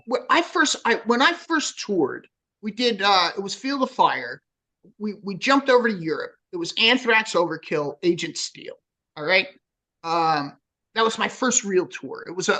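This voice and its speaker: Bright-voiced profane rocker with New Jersey accent. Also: male voice, sits high, moderate pace, low-quality recording. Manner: profane, storytelling, animated. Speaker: metal singer, interview guest. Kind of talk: casual interview chat.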